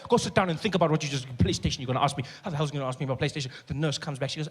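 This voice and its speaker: Fast, animated comedian man. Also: slightly rough. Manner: animated, acts out characters with big pitch jumps and shouting. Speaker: stand-up comedian. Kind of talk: stand-up storytelling.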